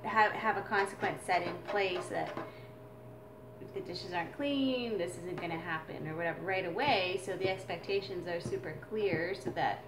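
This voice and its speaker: A woman's voice: lowish voice, normal speed, noisy background. A woman teaching a drumming exercise as a mother, explaining in an earnest, reflective way. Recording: echoey room with drums.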